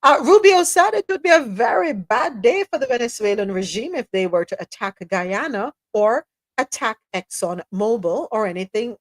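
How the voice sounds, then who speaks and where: A woman's voice: fairly high pitch, lively intonation, moderate pace, no room sound. A woman hosting a live news talk show, reading articles aloud and adding sarcastic asides. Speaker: host.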